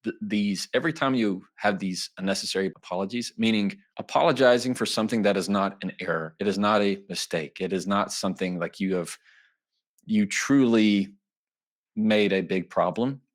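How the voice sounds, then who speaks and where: A man, a lawyer guest on an interview show, explaining his ideas in a lively way and often acting out little quoted exchanges. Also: fairly low pitch, moderate pace. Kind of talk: interview answers, explaining and teaching.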